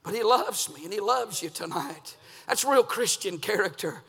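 A man preaching a revival sermon in a church, swinging between hushed, intimate talk and loud, shouted preaching. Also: high voice, expressive, moderate pace, creaky, slightly rough, in a large hall. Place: church sanctuary.

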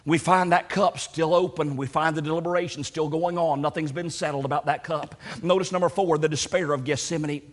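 Male preacher with a high voice, passionate sermon delivery, climbs to near shouts, stretches key words. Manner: impassioned, rising to near shouts when voicing Jesus' prayer; slows down for emphasis, repeats words.

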